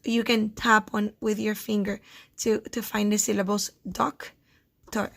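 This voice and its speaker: A woman's voice: medium pitch, flat delivery, vocal fry, a bit bright. A woman teaching first graders phonics in a recorded lesson, patiently repeating each word so children can count its syllables. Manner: slow, patient, repeats words to sound out syllables.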